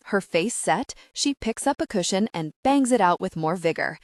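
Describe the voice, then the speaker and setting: A woman reading a first-person audiobook with expressive, animated storytelling. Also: medium pitch, moderate pace, few pauses, no room sound, clean studio sound. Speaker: audiobook narrator.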